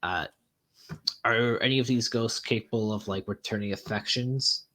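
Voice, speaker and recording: A man's voice: on the low side, steady tone, moderate pace, bright, forceful tone. A man interviewing a creator, hesitant and chatty, with plenty of fillers and small laughs. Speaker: interviewer, host. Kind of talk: casual interview chat.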